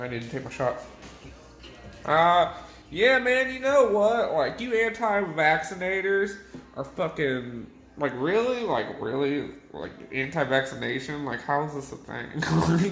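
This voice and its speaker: A young man, clearly drunk, rambles through a crude, swearing rant to his camera and chuckles at his own jokes. His voice sits fairly high and leaps around with lively swings in pitch. The room is bare and echoey. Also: measured pace. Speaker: vlogger.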